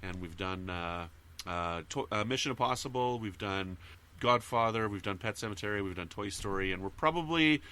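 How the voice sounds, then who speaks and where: A man guesting on a podcast, chatting casually and listing his shows in a rambling, halting way. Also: fairly low pitch, animated, pushed and bright. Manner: rambling, halting with fillers and restarts.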